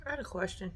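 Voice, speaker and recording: A woman's voice: mid-range voice, creaky, a little mellow, slightly rough. A woman giving blunt, profane reaction commentary in a casual vlog, talking straight at the person on the show. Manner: blunt, profane, sassy, talks straight at the TV figure. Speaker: reaction vlogger.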